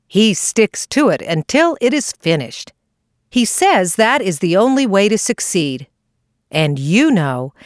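Woman reading kids story, bouncy pitch, super dry close sound. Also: no echo. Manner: lively, expressive. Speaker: narrator.

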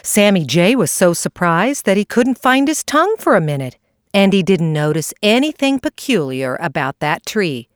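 A woman reading a children's animal story aloud in an expressive way. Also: medium pitch, moderate pace, no room sound, studio quality. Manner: lively, expressive. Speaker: narrator.

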